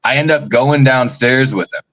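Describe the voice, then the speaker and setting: A man's voice: medium pitch, normal speed, fairly bright tone, no room sound, low-quality recording. A young man on a live video call telling a long, rambling, profane party story full of fillers. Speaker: guest storyteller. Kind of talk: casual storytelling on a live stream.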